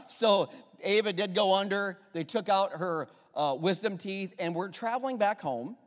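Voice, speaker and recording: A man preaching a sermon as a pastor, telling stories in a lively way and having the congregation repeat phrases after him. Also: high-pitched, normal speed. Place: church sanctuary. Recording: long reverb of a church hall.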